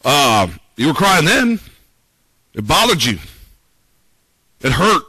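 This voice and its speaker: A man delivers a sermon in a relaxed, conversational way, reading passages aloud and asking listeners what breaks their heart. His voice sits high and sounds bright and forward, recorded dry and close with almost no reverb. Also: takes it slowly, breathy edge. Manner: conversational preaching, reads scripture aloud, rhetorical questions. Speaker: pastor.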